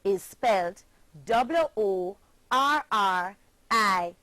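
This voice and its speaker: A woman from Jamaica leads a scripted pronunciation lesson, spelling each word out one letter at a time. She speaks extremely slowly and deliberately, at a middling pitch. Her voice sounds close and dry, with no room around it. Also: expressive, sharp tone, no echo. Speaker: teacher.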